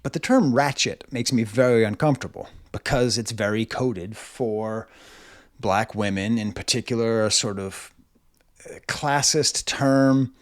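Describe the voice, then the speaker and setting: A music reviewer in his forties records a casual video album review at home, his voice fairly low, a little slow and clean. He rambles loosely, interrupts himself, says "like" a lot, and keeps stopping and restarting his thoughts.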